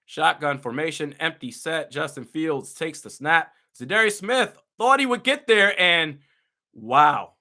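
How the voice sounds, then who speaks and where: A young man giving live reaction commentary on a football game as a fan, animated and exasperated, with loud outbursts. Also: a little high, measured pace.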